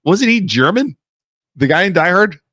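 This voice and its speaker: A man co-hosting a live talk show in a studio, excitable and joking in casual banter. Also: sits high, dry recording. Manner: excitable, quick to laugh and joke. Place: radio studio.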